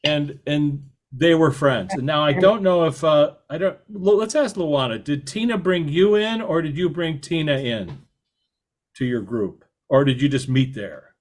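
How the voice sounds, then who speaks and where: A man hosting a podcast interview, talking in a halting way with many fillers and restarts. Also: fairly high pitch, animated. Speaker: podcast host. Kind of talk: conversational interview.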